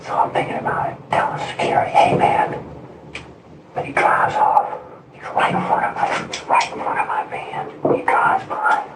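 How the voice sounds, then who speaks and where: A man recounting events in a recorded interview, agitated and rambling, repeating himself. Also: brisk. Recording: distant, roomy recording with loud noise.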